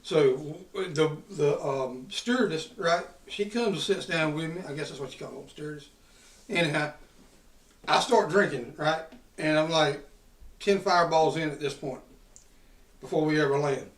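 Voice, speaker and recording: A man with a fairly high voice tells a loud, profane story in a drawl. He is recorded from a distance, and the room around him is echoey. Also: moderate pace. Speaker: podcast host. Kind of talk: casual storytelling. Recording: roomy sound from a distant mic.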